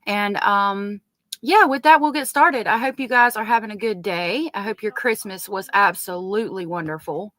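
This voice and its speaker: A woman's voice: medium pitch, moderate pace, fairly bright tone. A woman with a Southern US accent hosting a casual true crime live stream, chatting and greeting viewers by name.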